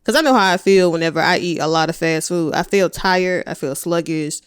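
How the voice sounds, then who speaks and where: Female podcast guest, smooth clear voice, dry close sound, frank and self-mocking. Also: fairly low pitch, a little fast, no room sound. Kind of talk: casual chat.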